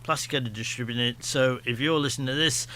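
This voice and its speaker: Chatty Staffordshire radio host, bright voice. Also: male voice, medium pitch, fast. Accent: Staffordshire English. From England, Stafford. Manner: rambling and self-deprecating, many fillers and restarts. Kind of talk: casual radio chat. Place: radio studio.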